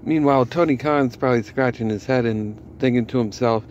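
A man's voice: mid-range voice, a little fast, hardly any pauses, darkish tone, dull audio, slight background noise. A man ranting scornfully and with swearing as a wrestling vlogger. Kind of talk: ranting commentary.

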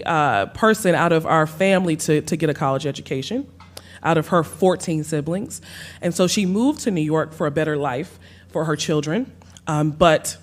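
A woman with a Gullah Geechee Lowcountry accent, a cookbook author speaking onstage before an audience, telling stories warmly and laughing often. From South Carolina Sea Islands. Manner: warm storytelling, laughs often, says y'all. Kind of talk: onstage conversation. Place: stage under lights before an audience.

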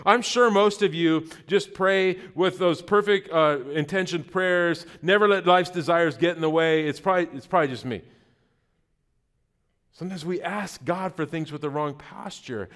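A man's voice: on the high side, moderate pace, a bit bright. A middle-aged man preaching a sermon as pastor, conversational and joking, often repeating words mid-thought.

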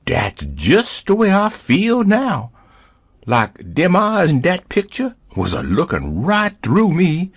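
A man's voice: fairly high pitch, slightly rough, no echo, studio quality, heavily acted. An actor playing a jittery, frightened male servant who speaks in a drawling rural dialect, in an audio drama.

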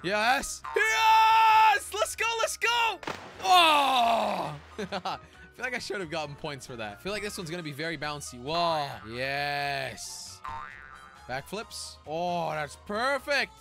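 A young man hosting a gaming channel, narrating his play in an excitable, jokey way with frequent laughs and sudden shouts. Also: on the high side, measured pace, over music. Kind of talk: game commentary.

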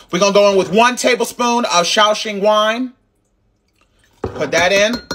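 A man with a high, bright voice runs a casual cooking demonstration. He is animated and sassy, drops curse words freely, and talks right at his viewers. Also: a little hiss or hum. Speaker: cooking channel host.

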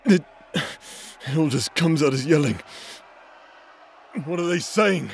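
A man voicing a tormented young man possessed by a sword, speaking in halting, broken-up bursts in an audio drama role-play with music behind. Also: a little high, lively intonation, creaky, exaggerated voice. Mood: anguished. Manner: haunted, halting, broken-up speech.

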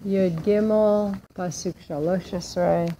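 A woman with a slightly low voice teaches a small class, breaking a text down word by word. She keeps asking her students questions as she goes. Faint room noise sits behind her. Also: fairly even intonation, slow, dark tone, dull audio. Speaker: Hebrew teacher. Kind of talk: classroom Bible lesson with students.

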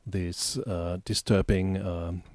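A man talks through a music software tutorial in a slow, halting way, with many ums and uhs. His voice sits fairly low. The sound is dry and close, with no room around it. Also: flat delivery, dry recording. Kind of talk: screen-recorded software tutorial.

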